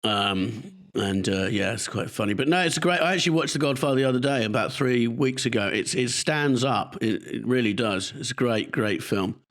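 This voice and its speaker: Brief: male podcast co-host, mid-pitched, loose and chatty, rambling storyteller. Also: normal speed, few pauses, a bit bright. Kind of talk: casual chat. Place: remote recording.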